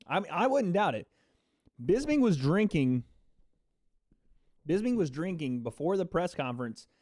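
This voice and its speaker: A man chats through a livestream reaction in a loose, rambling way, laughing and swearing casually. His voice sits slightly high for a man. The sound is dry and close, with no room around it. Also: darkish tone, no echo.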